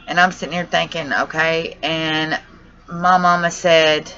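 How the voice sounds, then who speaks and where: A young woman vlogger rambles distressedly to her channel about a family crisis, saying "y'all" and cussing now and then in an emotional personal vlog. Her low voice is bright and forceful, with a steady tone and measured pace, on dull lo-fi audio.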